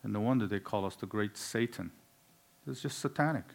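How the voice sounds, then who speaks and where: A man preaching a sermon, swinging between loud, emphatic declarations and low, quiet asides. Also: a little fast, creaky.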